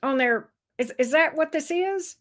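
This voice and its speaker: A woman's voice: sits high, unhurried, fairly bright tone. A woman giving a casual tarot reading, blunt and sassy, swearing freely. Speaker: tarot reader.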